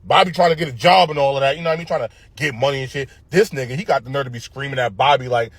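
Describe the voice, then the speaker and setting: Racing along in a medium-pitched voice, a man delivers a casual, opinionated rant about cartoon characters as a show commentator. He swears, uses lots of slang and tag questions, and there's no room sound.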